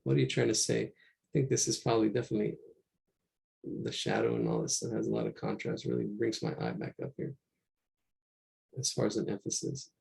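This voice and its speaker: During a live online drawing class, a man paints on a shared screen and talks in a loose, rambling way, repeating himself as he works. His voice is low-leaning and darkish with vocal fry, swinging widely in pitch; he speaks a little fast and pauses often. A computer mic picks him up while he shares his screen.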